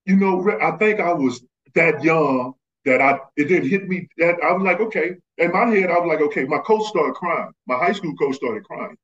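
A man from Texas, a former basketball player, telling animated stories as a podcast guest and acting out the people he quotes. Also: a little high, moderate pace, few pauses. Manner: animated, acts out quoted voices. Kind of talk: casual storytelling. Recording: slightly muffled lo-fi audio.

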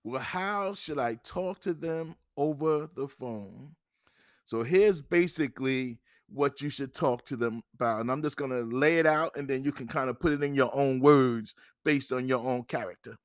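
A man's voice: medium pitch, moderate pace, dry recording, studio quality. Emphatic man coaching listeners on podcast. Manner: repetitive, emphatic, acts out phone calls. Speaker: podcast host giving credit advice. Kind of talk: instructional podcast monologue.

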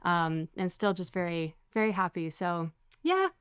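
A young woman co-hosting a podcast, telling a story in an excited, bubbly way. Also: fairly low pitch, a little slow. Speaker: podcast co-host. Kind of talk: casual chat.

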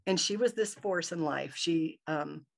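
A woman from Michigan, a podcast guest, telling a personal story in a lively way and acting out her own thoughts. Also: sits low, a little slow, vocal fry. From Michigan, USA. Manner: animated, acts out her own inner thoughts in quotes.

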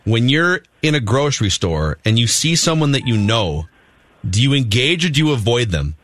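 A man's voice: medium pitch, very animated, moderate pace, a bit bright. A man co-hosting a radio show, asking upbeat, teasing questions. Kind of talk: casual radio banter.

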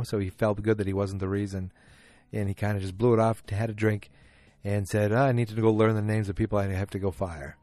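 A man casually recapping a TV episode, rambling and animated as he acts out the characters' lines. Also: fairly low pitch, normal speed, no room sound.

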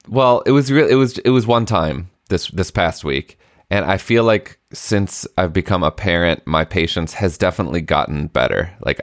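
Very deep-voiced man, dry close sound. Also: no echo. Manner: earnest, self-deprecating storytelling with restarts. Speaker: podcast co-host. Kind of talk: casual chat.

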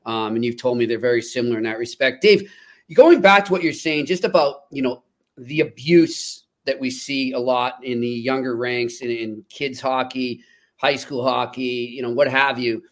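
A man's voice: mid-range voice, normal speed. A man co-hosting a podcast, asking a guest long conversational questions. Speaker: podcast host. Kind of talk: casual chat.

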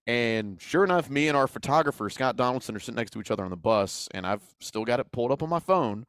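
Young man, sports broadcaster, animated storyteller, dry close sound. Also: mid-range voice, fast talker, hardly any pauses, clear, resonant tone, dry recording. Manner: animated, retells with acted-out quotes. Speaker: play-by-play voice of a college football team. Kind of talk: casual storytelling chat.

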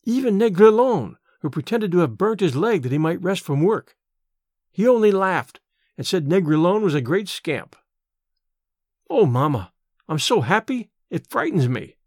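A man voicing a gushing young mother, high and bright. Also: very animated, moderate pace, dry recording, studio quality. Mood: happy. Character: young woman, gentle, adoring new mother.

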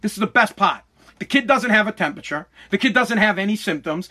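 Guy ranting bout his kid, high bright voice, swears a lot, does all the voices. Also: animated, a little fast. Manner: profane, exasperated, acts out the voices in his story. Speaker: father telling a story. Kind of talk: casual storytelling rant.

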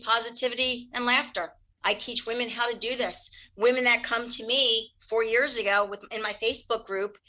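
A woman Reiki practitioner giving candid interview answers, talking fast and animated and laughing often. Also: mid-range voice, low-quality recording.

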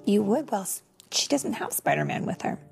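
Young woman storybook reader, unhurried, animated pitch, gentle exclaims; faint music under. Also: vocal fry. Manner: slow, expressive, gently exclaiming. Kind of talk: reading a picture book aloud to a child.

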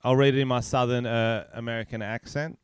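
A man rambles through crude jokes as a podcast co-host, in a smooth, clear voice. The sound is dry and close, as if recorded over a remote call. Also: medium pitch, fairly even intonation, a little fast, no echo. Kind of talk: crude casual banter. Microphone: remote call mic.

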